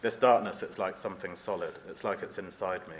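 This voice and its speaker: A man reading as a teenage boy trapped alone in the dark, in a solemn, measured reading voice with no put-on accent. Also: sits low, slight background noise, natural voice. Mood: haunted. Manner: solemn, measured reading in his own unaccented voice. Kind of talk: reading aloud from a novel.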